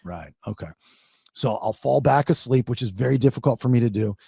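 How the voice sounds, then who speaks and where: A man's voice: medium pitch, a little fast, vocal fry, husky, no echo, studio quality. A man hosting a podcast, telling a funny story in a casual, rambling way. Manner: rambling, animated, acts out his wife in quotes. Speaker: podcast host.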